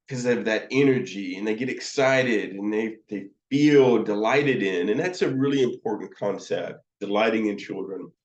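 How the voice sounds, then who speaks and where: A man teaching counseling students, talking in a slow, halting way with many fillers and restarts. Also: mid-range voice. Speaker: counseling supervisor. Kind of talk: teaching lecture with demonstrations. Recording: roomy, dull lo-fi sound.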